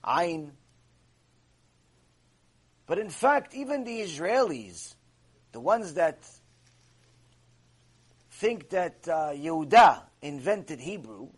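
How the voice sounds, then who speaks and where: A man's voice: fairly high pitch, very animated, slow, pauses often, husky. A man teaching a religious class, speaking emphatically and repeating phrases for stress. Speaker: rabbi teaching a Torah class. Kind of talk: religious lecture.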